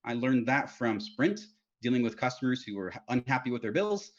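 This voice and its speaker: A man's voice: mid-range voice, a little fast. Man on a lo-fi video call. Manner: animated storytelling, many fillers and restarts. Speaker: guest speaker, test engineering lead. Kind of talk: casual career advice chat. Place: home, Utah. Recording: dull lo-fi video call audio.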